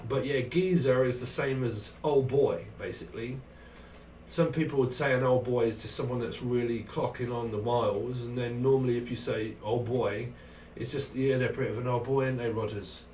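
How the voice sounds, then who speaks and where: A man's voice: mid-range voice, steady tone, normal speed, a little mellow. A middle-aged man with a Cambridgeshire English accent, chatting in a rambling way with viewers on his live tarot stream. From England. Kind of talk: casual livestream chat. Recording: roomy, distant mic, faint noise.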